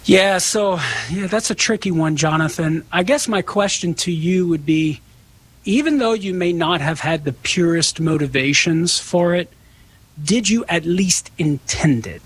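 A man's voice: high-pitched, a little slow, husky, rough recording. A man answering callers on a religious call-in show, talking conversationally and acting out quoted dialogue. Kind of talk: casual call-in radio talk.

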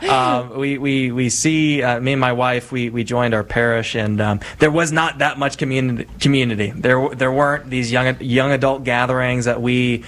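A man from Oklahoma talks as a guest on a radio show. His speech halts often, full of restarts and fillers. His pitch is ordinary. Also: steady tone, a bit bright. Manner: halting, many restarts and fillers. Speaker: studio guest. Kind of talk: casual talk.

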